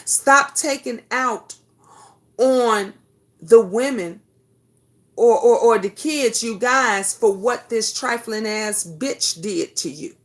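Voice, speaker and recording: A middle-aged woman hosts a talk show, speaking in a voice pitched a little on the high side. She delivers an impassioned monologue, blunt and full of profanity. She lectures her audience the way a preacher would. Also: slow.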